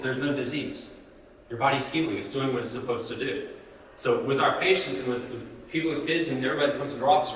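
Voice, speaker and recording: A man gives a live health talk in a conversational style, often turning questions to the audience. His voice is mid-range with a fairly bright tone. The recording comes from a roomy hall through a distant mic, with slight background noise.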